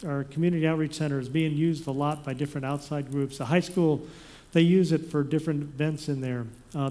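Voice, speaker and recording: Man pastor talking to his congregation. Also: on the high side. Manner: plain conversational talk, shifting to loud dramatic reading. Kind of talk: church announcements and scripture reading. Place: church sanctuary.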